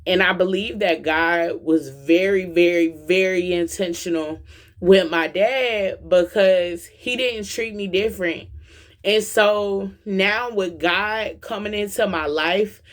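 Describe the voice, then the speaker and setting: A woman's voice: fairly low pitch, slow. A young woman from the American South giving an impassioned, slangy personal testimony as a vlogger, preaching directly to her viewers. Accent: Southern US, Atlanta.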